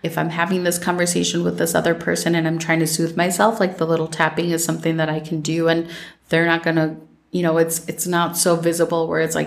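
Soft-spoken woman with a gravelly low voice. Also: level tone, a little fast. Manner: gentle, meandering, many "like" fillers. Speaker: podcast host. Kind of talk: reflective solo podcast talk.

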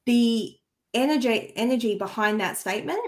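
A woman spiritual healer talks on a podcast in a relaxed, conversational way. She is earnest and heartfelt, and easily moved by what she says. She often restarts her sentences and slips in asides. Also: on the high side, normal speed. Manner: chatty, with frequent restarts and asides. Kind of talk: casual conversational chat.

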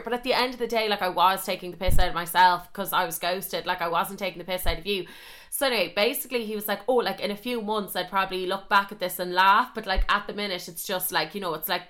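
A woman's voice: fairly low pitch, pushed and bright. A young woman podcast host telling a story in a chatty, self-mocking way and swearing a lot. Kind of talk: casual storytelling monologue.

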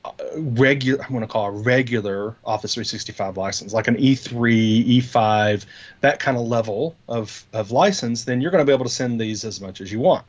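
A man's voice: mid-range voice, a little fast, lo-fi sound. A man co-hosting a podcast in casual tech chat, rambling and explaining with many fillers and restarts. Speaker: podcast co-host.

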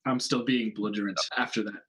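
Casting: bright, sharp-toned male player, blustery in-character bits. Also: lowish voice, fairly even intonation, fast, poor audio. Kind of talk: playing a character in a tabletop game.

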